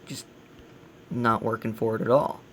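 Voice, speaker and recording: Gravelly man grumbling through a game. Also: fairly low pitch, level tone, moderate pace, fairly bright tone, a little hiss or hum. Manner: blunt, grumbling critique. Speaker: gaming channel host. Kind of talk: casual let's play commentary.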